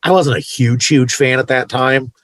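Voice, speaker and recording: Male podcast co-host, mid-range voice, relaxed and opinionated, dry close mic. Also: medium pitch, normal speed, no room sound. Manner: opinionated, laid-back, loose asides. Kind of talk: casual chat.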